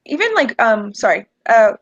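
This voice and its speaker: A woman's voice: a little high, sing-song, normal speed, fairly bright tone, breathy edge, no echo. A woman guest in a casual livestream book chat, eager and full of fillers and laughs. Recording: dull dry remote audio.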